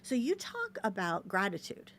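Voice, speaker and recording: A woman's voice: medium pitch, huge pitch swings, normal speed, a bit bright, a little hiss or hum. A woman hosting a podcast interview, asking questions in a casual, affirming way. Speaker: podcast host.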